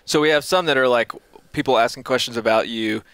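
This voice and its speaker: Quick-talking man on the show team. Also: mid-range voice, fairly bright tone, smooth, dry recording. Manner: conversational, filler-heavy. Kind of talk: casual studio chat.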